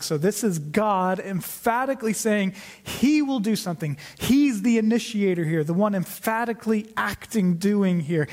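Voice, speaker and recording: A man's voice: high-pitched, a little mellow. A man teaching a Bible study, explaining the verses step by step and asking and answering his own questions.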